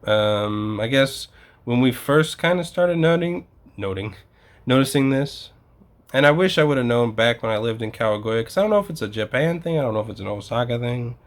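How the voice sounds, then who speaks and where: A man's voice: medium pitch, animated, moderate pace. Exasperated man ranting, swearing freely. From United States. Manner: profane, exasperated storytelling. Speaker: vlogger. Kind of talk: casual ranting vlog.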